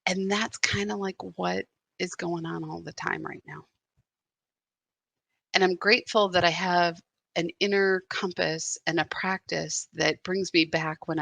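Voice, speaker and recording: A woman's voice: fairly low pitch, vocal fry, a bit bright, no echo. A woman spiritual guide giving a live meditation talk, telling a candid story that turns reflective.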